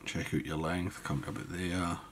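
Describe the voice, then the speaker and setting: A man giving a relaxed step-by-step fly-tying tutorial, thinking aloud as he works. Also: deep voice, normal speed, slight background noise.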